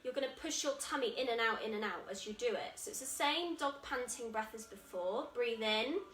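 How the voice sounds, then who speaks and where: A woman with an English accent guiding a children's yoga class, calling out moves in a gentle, encouraging way. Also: fairly high pitch, expressive, brisk, slight background noise. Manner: encouraging, gentle, calls out moves while exercising. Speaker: kids yoga instructor. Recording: echoey room, voice from a distance, soft music.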